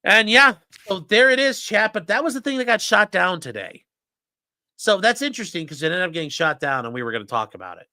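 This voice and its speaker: A man hosting a casual livestream, ranting in a profane, sarcastic way. His voice is bright and sharp, fairly high, and swings widely in pitch. The sound is dry and close. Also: big pitch swings, brisk, no echo. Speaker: host.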